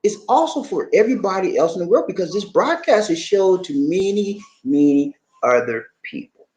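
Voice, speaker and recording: A man from Charleston, South Carolina, hosting his channel and talking casually to viewers. He is animated and repetitive, and often checks in with his listeners. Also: high voice, moderate pace. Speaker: channel host. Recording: roomy echo.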